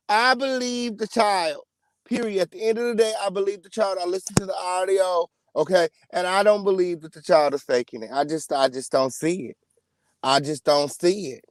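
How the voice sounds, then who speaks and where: A man hosting a celebrity gossip channel, giving an emphatic, profanity-heavy rant with sudden loud outbursts. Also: high-pitched, no echo, clean studio sound. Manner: profane, emphatic, repeats "okay?" and "period". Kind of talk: ranting celebrity gossip commentary.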